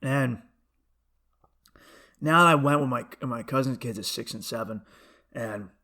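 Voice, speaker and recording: A male comedian tells a rambling story in a casual podcast monologue, often restarting and breaking off into asides. His voice is bright and sharp at a middling pitch. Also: measured pace.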